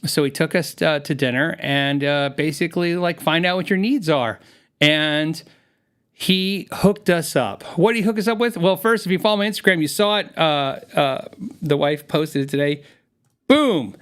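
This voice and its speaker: A man hosts his own live stream, talking loosely and telling stories on the fly. His voice sits a little on the high side, close on a studio microphone. He laughs easily and wanders off on tangents. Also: moderate pace, a bit bright, clear, resonant tone. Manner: chatty, rambling, laughs often. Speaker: podcast host. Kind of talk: casual live-stream chat. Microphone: studio mic with headphones.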